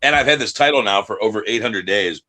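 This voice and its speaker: A man's voice: lowish voice, expressive, fast talker, sharp tone. A man from the United States, an independent wrestler, talking in a casual interview, brash and profane, acting out other people's voices in his stories.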